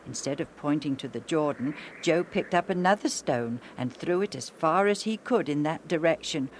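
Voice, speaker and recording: A woman's voice: deep voice, normal speed, slight background noise. Woman narrating a children's story. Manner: clear, steady storytelling.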